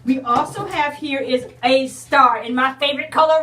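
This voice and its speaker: A woman's voice: high-pitched, moderate pace, fairly bright tone, reverberant, distant mic. A woman in a casual unboxing video, chatting to her viewers and calling them y'all. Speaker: unboxing vlogger.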